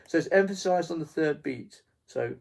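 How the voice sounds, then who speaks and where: A man with a gravelly, somewhat raised voice gives a casual beginner drum lesson. He talks haltingly, full of restarts and fillers, counting out beats as he goes. A faint hiss sits under the recording. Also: a little high. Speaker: drum teacher. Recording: faint noise with drum pad clicks.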